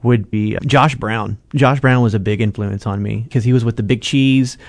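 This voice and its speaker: A man's voice: medium pitch, fairly even intonation, normal speed, no echo. A young man, a band's singer-songwriter, answering interview questions in an earnest, plain way.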